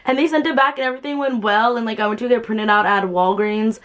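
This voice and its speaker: A woman's voice: fairly high pitch, fairly even intonation, fast talker, a bit bright. A young adult woman chatting casually while doing her makeup, rambling and filling her talk with "like". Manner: chatty, rambling, full of "like" fillers. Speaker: beauty vlogger.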